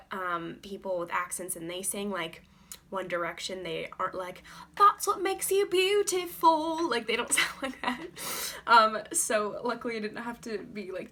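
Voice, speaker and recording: Bright, giggly young woman vlogging. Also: medium pitch. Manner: giggly, rambling, lots of "like" and "um". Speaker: beauty vlogger. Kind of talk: casual chatty vlog.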